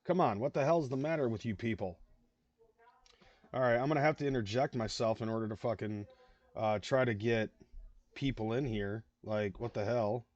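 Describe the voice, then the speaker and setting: A man's voice: medium pitch, normal speed, a little mellow, no echo, muffled recording. Rambling, profane male streamer. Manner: rambling, profane, many fillers. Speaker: livestream host. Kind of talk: casual reaction commentary.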